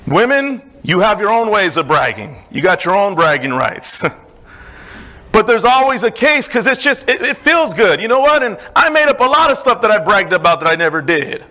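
A middle-aged man delivers a sermon as pastor. His voice sits high and sounds bright and forceful. He preaches in an emphatic, repeating cadence with loose conversational asides. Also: sing-song, normal speed.

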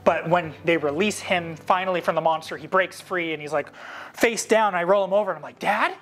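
A man in his thirties casually telling behind-the-scenes stories to camera, animated and acting out quoted lines in a higher voice. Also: brisk. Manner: animated, jumps up in pitch to act out quoted lines.

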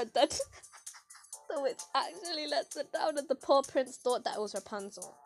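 A woman host casually chatting over gameplay, rambling through a story with lots of fillers and expressive exclaims. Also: a little high, moderate pace, soft background music, poor audio. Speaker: gaming channel host.

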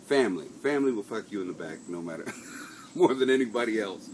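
This comedian speaks in a lowish, animated voice and talks fast, with a bit of hiss or hum in the recording. Chatting loosely with his live-stream audience, he wanders through stories full of profanity and laughter.

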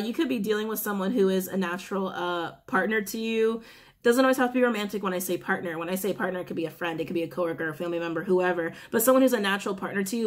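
A chatty woman talks her viewers through a tarot reading in an easy, casual way. She leans hard on her points and says them again and again. Her laugh slips in often between the cards. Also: medium pitch. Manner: chatty, emphatic, repeats phrases, laughs often. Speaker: tarot reader.

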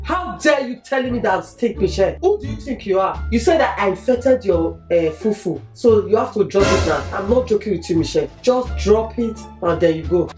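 Indignant mother with a lively voice. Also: mid-range voice, brisk, hardly any pauses. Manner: indignant, scolding, repeats questions. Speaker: mother in a family prank vlog. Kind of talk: casual family argument. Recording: echoey room with background music.

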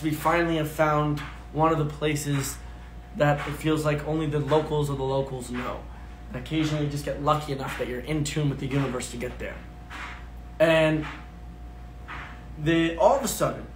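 A man hosting a livestream, chatting casually, playing songs and telling animated, self-deprecating stories. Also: fairly high pitch, roomy sound, a little hiss or hum. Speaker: livestream host.

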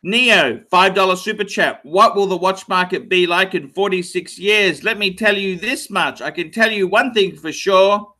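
A man's voice: high voice, normal speed, hardly any pauses, pushed and bright. A man in his forties hosting a casual livestream, rambling, repeating phrases, swearing playfully and reading out donor messages. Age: 40s. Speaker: livestream host.

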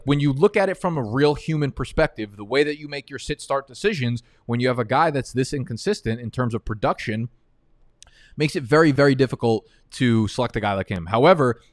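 A man hosting a live fantasy football mock draft, talking fast and excitably and breaking into frustrated, profane rants. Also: mid-range voice, dry recording, studio quality. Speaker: fantasy football analyst host.

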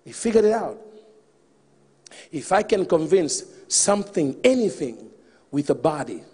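A man with a high, husky voice preaches a lively sermon and keeps calling out to his listeners. His words ring through a large hall with a long reverb. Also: unhurried. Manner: animated, calls out to the congregation.

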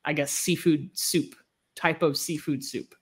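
Woman, podcast co-host, chatty and easygoing, lowish voice. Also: steady tone, a little slow, husky. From Texas. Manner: chatty, laughs easily. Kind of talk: casual chat.

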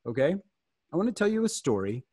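An American man giving an interactive fireside talk, animated and joking, often asking his listeners questions. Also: fairly high pitch, fast talker, breathy edge, dry recording, studio quality. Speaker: fireside speaker.

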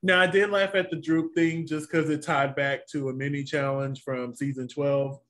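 Guy with a kinda high voice chatting about a tv episode, lots of drama in how he tells it. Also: level tone, moderate pace, a bit bright. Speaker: co-host reviewing a TV show. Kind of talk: casual chat.

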